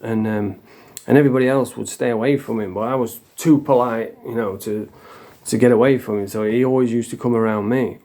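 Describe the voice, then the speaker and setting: A man's voice: medium pitch, fairly even intonation, a little fast, hardly any pauses, warm tone. A middle-aged man from England telling his own story in a blunt, sweary, confessional way. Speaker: vlogger. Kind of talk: casual storytelling.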